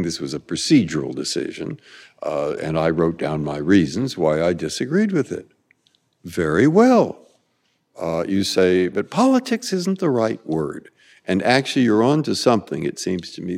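A man's voice: deep voice, vocal fry, darkish tone, in a large hall. A man in his eighties from San Francisco, answering interview questions in a discursive way, repeating words and circling back with asides. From San Francisco, USA. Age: 80s. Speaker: Supreme Court justice, guest.

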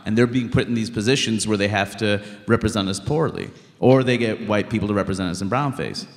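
A stand-up comedian from Queens, talking in an interview in an animated, emphatic way. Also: on the low side, fast, long reverb tail. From Queens, New York. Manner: animated, emphatic, blunt, many "like" fillers. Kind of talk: conversational interview.

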